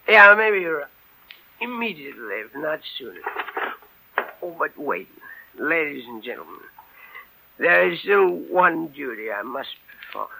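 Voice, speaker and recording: A rambling, tipsy uncle from a 1940s radio play. He draws out pompous, slurring speeches in a high, swooping voice. The tone is gravelly and very bright. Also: heavily acted, poor audio. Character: boozy, jovial, rambling middle-aged uncle.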